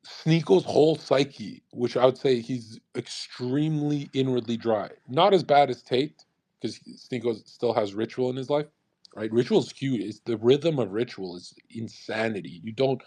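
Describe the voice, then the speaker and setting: A man's voice: medium pitch, moderate pace, mellow. A young man ranting on a live audio stream, profane and sarcastic, speeding up in bursts and laughing at his own jokes.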